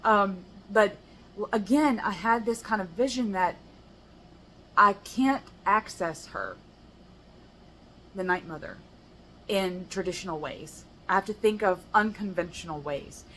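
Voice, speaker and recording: A woman's voice: medium pitch, a bit bright, slight background noise, poor audio. An American woman poet reading her rhyming poems aloud, with casual, chatty asides between them. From United States. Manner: measured rhyming recitation broken by chatty, laughing asides. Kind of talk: poetry reading with casual commentary.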